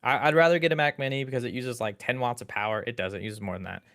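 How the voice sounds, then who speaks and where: A man's voice: medium pitch, quick pace, a bit bright. A man co-hosting a tech podcast, easygoing and casual, often searching for words and repeating himself. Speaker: podcast co-host.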